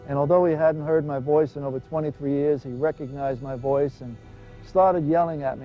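A man's voice: on the high side, fairly even intonation, normal speed. A man who is a minister gives an earnest personal testimony, retelling his past with dramatic voiced dialogue. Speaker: former gangster turned minister giving testimony. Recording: dull lo-fi recording with faint music.

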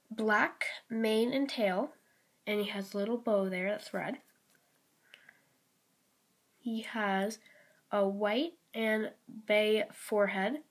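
Slow rambling girl showing toys. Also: on the high side. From Canada. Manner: rambling, many ums and likes, apologetic. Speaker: toy collection vlogger. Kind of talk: casual show-and-tell vlog.

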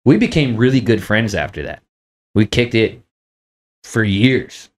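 Deep-voiced man telling profane stories. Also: lively intonation, a little slow. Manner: profane, laid-back anecdote telling. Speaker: podcast host. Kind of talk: casual storytelling.

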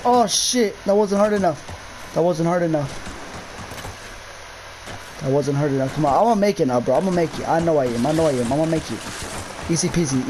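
A man's voice: on the high side, noisy background. A young man commentating his own gameplay of a horror map, jumpy, swearing a lot and yelping at scares. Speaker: gamer.

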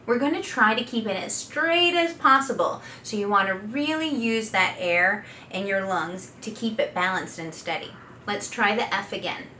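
A woman's voice: mid-range voice, normal speed, very noisy. A woman speech pathologist and singer teaching vocal exercises, with patient step-by-step instruction and sung demonstration notes. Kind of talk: guided vocal exercise lesson. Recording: echoey room, voice a bit far from the mic.

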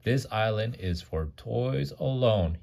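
A stern, solemn old king from a storybook, read aloud by a man. He speaks low and slow, with a steady and formal tone. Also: gravelly, full character voice. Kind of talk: bedtime storybook reading.

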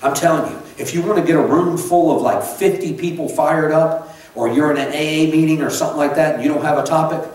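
A man's voice: fairly high pitch, steady tone, a little fast, a little mellow. A middle-aged male pastor delivers a sermon in a chatty, unpolished way, looping back on his phrases and breaking off for asides. His voice rings through a very echoey sanctuary, picked up from some distance away. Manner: conversational preaching with many restarts and asides. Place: church sanctuary. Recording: echoey church from far off.

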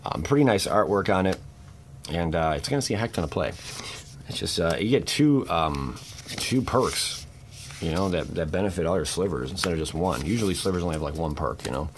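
A young man giving casual, jokey commentary as he opens card packs, breaking into sudden loud exclamations. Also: low-pitched, expressive, fairly quick, a little hiss or hum. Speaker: channel host opening card packs. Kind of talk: casual pack-opening commentary.

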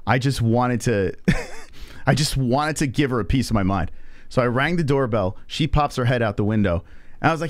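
Hosting a live stream, a man with a medium-pitched voice tells a story casually and profanely at a normal speed, acting out the people he quotes. There's no room sound.

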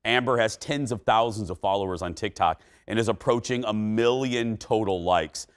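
A man hosting a talk show, who introduces segments in a quick, upbeat way and chats casually with a guest. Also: fairly low pitch, smooth. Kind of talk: casual chat.

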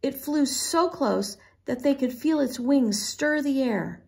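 Slow, expressive woman reading aloud. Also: high-pitched, creaky. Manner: expressive and unhurried. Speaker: storybook reader. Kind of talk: children's read-aloud narration.

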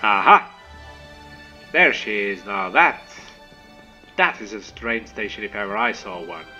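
A man giving chatty, excitable gameplay commentary as a let's play host, humming little tunes to himself as he goes. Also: fairly low pitch, normal speed, lo-fi sound, faint music behind.

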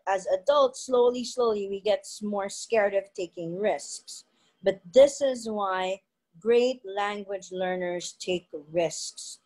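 A woman co-hosting a discussion for English teachers, her pitch sitting in an ordinary middle range. She talks casually and conversationally, often repeating a word while she finds her next thought. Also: poor audio. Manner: relaxed, conversational, repeats words while thinking.

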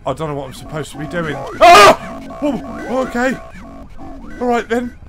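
His voice sits high and sing-song at a normal speed as he narrates a horror game for his gaming channel. He swears constantly and gasps and yells in panic, with faint game music in the background.

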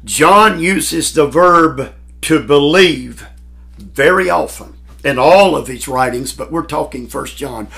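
Slow, gravelly male preacher. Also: on the high side, expressive, fairly bright tone. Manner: emphatic, dramatic pauses and swells in volume. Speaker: pastor teaching a Bible class. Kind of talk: sermon.

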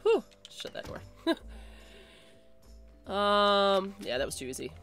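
During live gameplay commentary, this woman speaks slowly in a clean, medium-pitched, fairly bright voice with big pitch swings. She chatters through her stream, repeating phrases hurriedly and shrieking at mishaps, with faint music in the background.

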